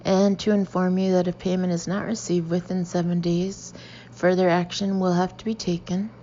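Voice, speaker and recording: A woman voicing a posh, smooth-talking male store manager, measured and coolly formal. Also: on the low side, flat delivery, dark tone, highs cut off, slight background noise, natural voice.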